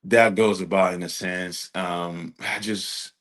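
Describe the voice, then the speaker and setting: A man who is a police officer, a guest in casual conversation, speaking haltingly and repeating words as he gets worked up. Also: sits low, steady tone, fairly bright tone.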